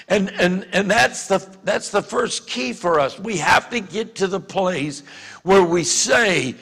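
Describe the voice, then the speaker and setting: A man with a Louisiana accent preaching a sermon as pastor, talking conversationally with many restarts and rising to shouts. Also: sits high, a little slow, vocal fry, big-room sound.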